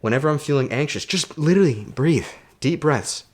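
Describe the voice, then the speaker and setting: A man's voice: a little high, animated, a little fast. A man who coaches self-development, talking straight to his camera in a casual motivational vlog, emphatic and preachy and swearing freely.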